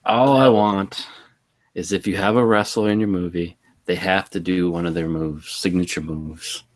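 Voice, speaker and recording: A man's voice: deep voice, fairly even intonation, normal speed. A man co-hosting a casual movie review podcast, wry and joking, laughing often. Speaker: podcast co-host.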